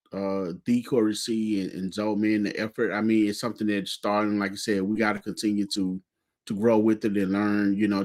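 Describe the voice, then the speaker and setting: A man co-hosting a casual live sports chat who talks in an easygoing way and keeps agreeing with short replies. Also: fairly low pitch. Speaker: co-host.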